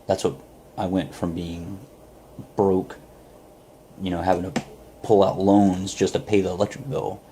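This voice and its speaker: A man's voice: deep voice, little pitch movement, a little slow, long pauses, dark tone, slight background noise. A man giving an earnest motivational talk, telling a story with many fillers. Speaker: network marketer.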